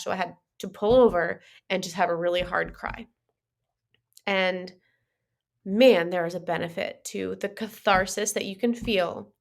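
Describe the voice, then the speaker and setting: A woman's voice: medium pitch, gravelly. A woman who is a therapist, co-hosting a podcast in casual chat, often affirming with short murmurs. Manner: warm listener, lots of affirming murmurs.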